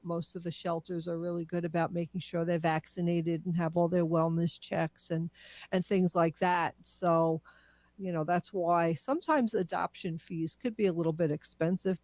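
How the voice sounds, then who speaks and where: A woman's voice: fairly low pitch, no echo. A woman co-hosting a radio show, sharing animal shelter facts in a chatty, laughing way. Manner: warm, laughing, informative. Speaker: radio co-host, animal advocate. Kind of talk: casual radio chat.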